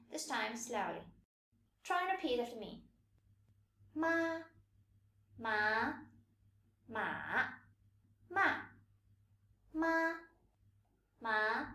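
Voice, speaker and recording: A woman giving a patient, scripted pronunciation lesson, demonstrating sounds slowly and clearly. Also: sits high, roomy sound, a little hiss or hum. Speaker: language teacher.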